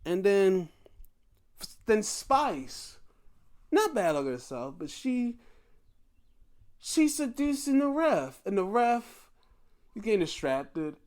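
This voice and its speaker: A man's voice: high voice, big pitch swings, slow pace, pauses often, darkish tone. A man hosting a casual, profane wrestling recap, acting out scenes in different voices. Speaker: show host.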